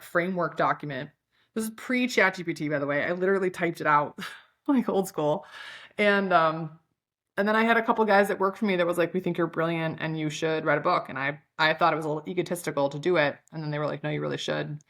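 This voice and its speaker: Low-voiced Chicago woman, candid chat. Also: fast talker, a bit bright. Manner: candid, self-deprecating, frequent "um" and "like". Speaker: podcast guest, author. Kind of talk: casual interview chat.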